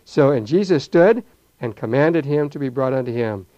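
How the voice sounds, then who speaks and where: Older man, Bible teacher, animated, acts out voices, mellow tone, dull lo-fi sound. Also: mid-range voice, normal speed.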